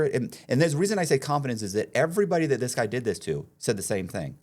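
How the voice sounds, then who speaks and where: A man, the guest on an interview podcast, telling a story in an animated way and acting out bits of dialogue. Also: mid-range voice, fast talker, few pauses. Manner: animated, acts out dialogue, frequent restarts.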